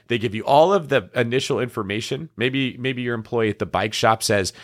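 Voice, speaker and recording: A man's voice: mid-range voice, a little fast, hardly any pauses. A middle-aged man co-hosting a business talk show, explaining ideas in a casual way and acting out the reactions of the people he quotes. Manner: animated, acts out quoted reactions. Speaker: podcast co-host.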